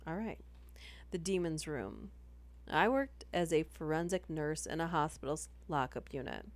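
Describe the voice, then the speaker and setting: A woman reading ghost stories aloud on a livestream in a casual, chatty way, breaking off into giggles between passages. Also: sits low.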